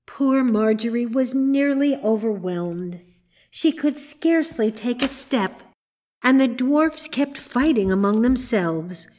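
A woman narrating a storybook in a measured, unhurried reading voice. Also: a little high, dark tone.

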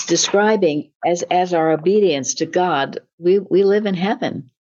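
A woman's voice: fairly low pitch, normal speed, a little mellow. Earnest woman teaching the Bible, dull audio. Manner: earnest, restarts words often. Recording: slightly dull lo-fi recording.

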